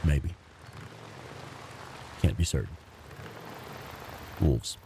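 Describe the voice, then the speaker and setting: A man's voice: very deep voice, animated, very slow, creaky, background noise. A man in his fifties casually commentating a video game, laid-back, laughing often and swearing freely. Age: 50s. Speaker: gameplay streamer. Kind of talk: casual let's play commentary.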